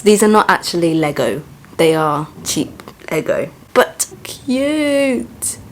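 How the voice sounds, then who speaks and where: A young woman with a lowish voice chats in a casual vlog, musing aloud and reflecting to herself as she reacts. Her delivery is relaxed and conversational. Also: moderate pace, slight background noise. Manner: chatty, musing, self-reflective. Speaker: vlogger.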